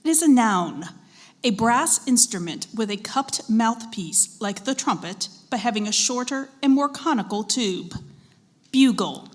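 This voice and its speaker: A woman serving as pronouncer at a spelling bee, reading out words and dictionary definitions in a measured, deliberate way and prompting contestants politely. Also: on the high side, lively intonation. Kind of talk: formal competition announcing. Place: school event hall.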